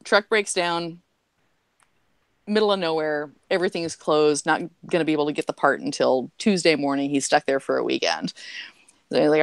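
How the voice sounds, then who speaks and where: Joke-telling woman with a low voice. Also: moderate pace, vocal fry, clear, resonant tone, no echo. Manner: animated joke-telling with acted voices and many fillers. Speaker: podcast guest. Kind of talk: casual chat, telling jokes.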